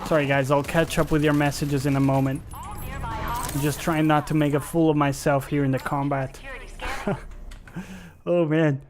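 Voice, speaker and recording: A man's voice: on the high side, measured pace, long pauses, noisy background. Profane, sarcastic male game streamer. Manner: casual, profane, sarcastic ranting. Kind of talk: live gameplay commentary.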